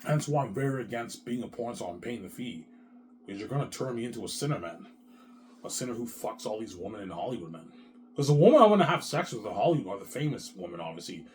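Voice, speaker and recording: A man in a rambling monologue, repeating himself, swearing and jumping between quiet mumbles and loud outbursts. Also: medium pitch, lively intonation, fast talker, slight background noise. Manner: repetitive, restarts, keeps saying "man"; profane, agitated swings in loudness.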